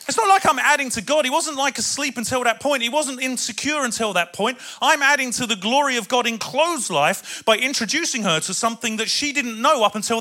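Young guy preaching, high bright voice, gets super excited then goes quiet to read verses. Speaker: pastor. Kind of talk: sermon.

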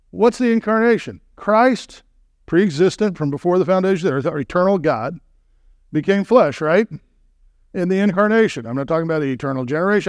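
A man giving a sermon as guest preacher, asking rhetorical questions and swinging from low murmurs to raised exclamations. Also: no echo, clean studio sound.

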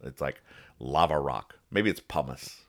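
Very deep and expressive, a man's voice moves a little slowly through a casual, comedic podcast. The host reads comics, rambles, jokes, and walks through every punchline.

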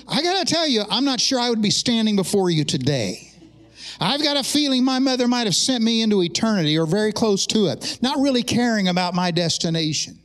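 A middle-aged man, a pastor, praying and then preaching an animated sermon with humorous asides to his congregation in a church. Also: high voice. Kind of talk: sermon with opening prayer. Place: church sanctuary during a service.

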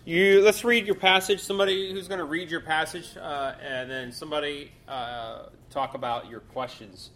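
Man leading a relaxed Bible class. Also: a little high, moderate pace, few pauses, a little hiss or hum. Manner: loose, conversational, with fillers and restarts.

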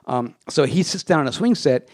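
A man's voice: a little high, brisk. A man hosting a casual chat, eagerly retelling cartoon scenes and acting out bits of the dialogue. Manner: animated retelling with acted quotes. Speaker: podcast host.

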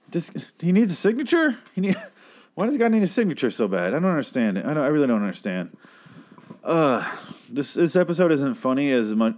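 A man's voice: on the low side, a little mellow. A man hosting a podcast who delivers an exasperated, heavily profane comedic rant and keeps breaking off to apologize. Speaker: podcast host.

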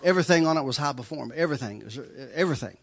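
A man's voice: a little high, expressive, racing, vocal fry, a bit bright. A middle-aged man telling his testimony in a loose, rambling story. He laughs often and stumbles over repeated words. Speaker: speaker giving a testimony.

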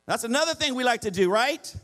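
A man's voice: extremely high pitch, expressive, fast, a bit bright. A middle-aged man preaching a sermon as pastor, pleading with the congregation and calling for responses.

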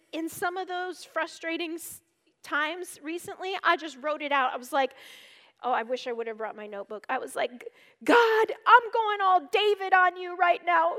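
A woman giving an earnest devotional teaching, reading scripture aloud and explaining it, shifting between urgent emphasis and hushed tones. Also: high voice. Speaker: speaker at a church gathering. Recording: reverberant hall.

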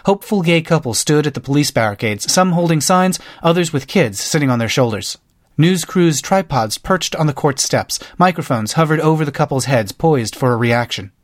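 A man with a somewhat high voice reads a nonfiction book aloud in steady scripted narration. He lifts his pitch for quoted lines. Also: normal speed. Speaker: audiobook narrator.

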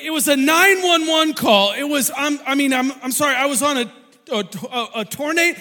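A man telling a funny personal story to an audience, animated and laughing often mid-sentence. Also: very high voice, a little fast, in a large hall.

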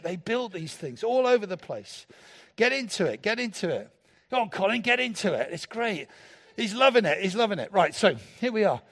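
A man's voice: sits high, moderate pace. A man. He preaches playfully and jokes with the people in front of him. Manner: playful, animated, jokes with the congregation. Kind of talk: sermon.

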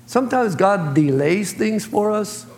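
A man's voice: sits high, lively intonation, a little slow, darkish tone. A man preaching a sermon as pastor, speaking in plain colloquial phrasing and acting out voices. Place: church sanctuary. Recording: echoey church hall.

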